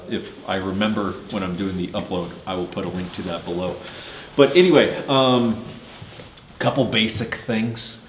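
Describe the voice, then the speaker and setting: A man's voice: lowish voice, echoey room, slight background noise. A man hosting a firearms gear channel, joking and rambling with many fillers in casual review chat, in a cold shoot house.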